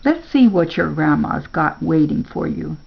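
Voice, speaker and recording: A woman doing a gentle old grandpa. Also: low voice, lively intonation, a little slow, vocal fry, breathy edge, highs cut off, full character voice.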